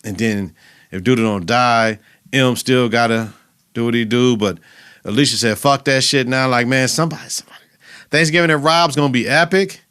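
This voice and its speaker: Male podcast host, mid-pitched, loose and profane, animated recap delivery. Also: moderate pace, clear, resonant tone. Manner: animated and profane, acts out scenes. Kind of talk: casual TV episode recap.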